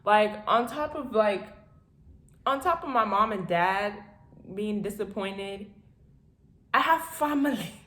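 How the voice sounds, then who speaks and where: A young woman in her twenties tells a story for her vlog, talking casually and dramatically. Her voice is animated and playful, and she often breaks into laughter. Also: mid-range voice, takes it slowly, pauses often, reverberant. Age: 20s. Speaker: vlogger.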